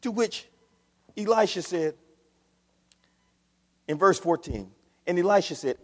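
A man preaching a sermon as pastor, swinging from quiet asides to loud shouts. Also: high-pitched, animated, measured pace, pauses often. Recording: long hall reverb.

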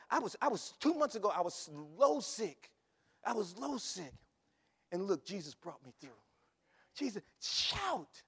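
High, bright-voiced preacher shouting praise. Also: male voice, long reverb tail. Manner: animated storytelling that builds to shouted praise. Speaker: pastor. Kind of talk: sermon. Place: church sanctuary.

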